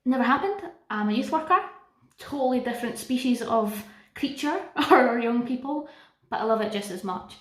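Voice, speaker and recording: A young Scottish woman chats to her camera, telling stories with self-mocking jokes and easy asides. Her voice sits a little high for a woman. The room around her gives it a roomy echo. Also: expressive, normal speed, a bit bright. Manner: chatty, self-deprecating, jokey asides. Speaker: vlogger. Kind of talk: casual storytelling vlog. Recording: echoey room.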